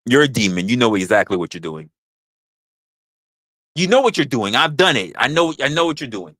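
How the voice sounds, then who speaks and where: A man's voice: mid-range voice, very animated, moderate pace, a bit bright, no echo. A man hosting a livestream in casual chat, rambling, crude and joking, repeating his phrases into a close mic. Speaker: livestream host.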